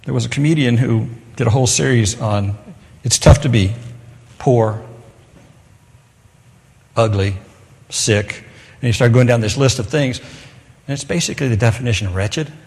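Male preacher, mid-pitched, casual sermon delivery with forceful scripture readings, reverberant hall. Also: moderate pace, vocal fry, pauses often. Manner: conversational, switching to loud emphatic scripture reading. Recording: long echo of a large hall.

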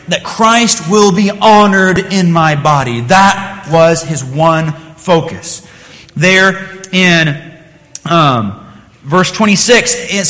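A male preacher with a high-pitched, somewhat bright voice tells a story during a sermon, earnest and plainly spoken. His delivery swells and dips with frequent restarts, and the church sanctuary gives it a long, hall-like reverb.

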